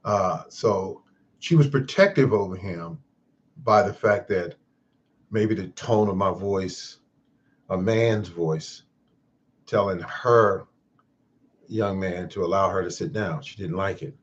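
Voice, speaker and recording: A man's voice: low-pitched, slow, pauses often, highs cut off. A man hosting a casual live stream, telling a reflective, moralizing story in a rambling way. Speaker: host of a live-stream gardening show.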